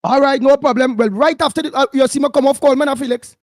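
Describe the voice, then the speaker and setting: A high-voiced Trinidadian man hosts a call-in radio show, bantering with callers in easy local dialect. The sound is close and dry, with no room echo at all. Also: quick pace. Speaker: radio talk show host.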